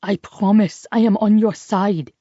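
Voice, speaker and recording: A woman voicing an earnest young male German soldier with a German accent, speaking quietly and sincerely. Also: mid-range voice, steady tone, a little slow, no room sound, dull audio, close to an everyday voice.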